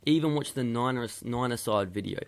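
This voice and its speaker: Gravelly-voiced male youth coach, stern and lecturing, drills his points by repeating them. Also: medium pitch, fairly quick. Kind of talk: video match feedback to players.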